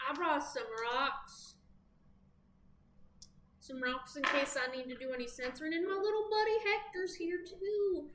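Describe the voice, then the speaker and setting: A woman's voice: sits high, a bit bright. A woman with a Southern American accent gives a casual, chatty tarot reading, full of playful asides. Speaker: tarot reader. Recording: echoey room with faint background noise.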